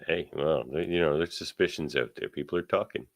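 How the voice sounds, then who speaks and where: Very deep-voiced joking man, dry sound. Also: fairly quick, no echo. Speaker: podcast co-host. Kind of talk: casual chat.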